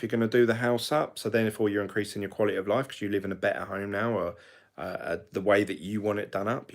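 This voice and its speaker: A middle-aged man from the UK, talking to camera in a chatty, rambling way that often corrects itself. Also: on the low side. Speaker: crypto vlogger. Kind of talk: casual monologue to camera.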